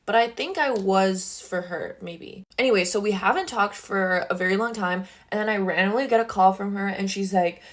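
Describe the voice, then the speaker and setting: A young woman sits at her bedroom makeup table and tells a story in a chatty, exasperated way. Her talk is loose and full of filler words, with a voice of ordinary medium pitch. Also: normal speed, few pauses. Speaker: social media creator. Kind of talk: casual storytime vlog.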